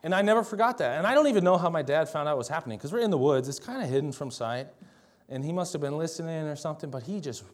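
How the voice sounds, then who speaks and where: A man's voice: a little high, animated, rapid-fire. Man preaching in a chatty storytelling way. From Minnesota, US. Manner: conversational storytelling, tag questions and laughter. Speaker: pastor. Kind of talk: sermon.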